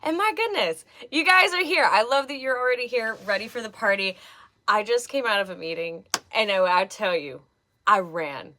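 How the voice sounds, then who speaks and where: Bubbly woman hosting a livestream, lively swoopy voice, greets folks by name. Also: fairly high pitch, normal speed. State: slightly out of breath. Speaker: livestream host. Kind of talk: casual live-stream chat.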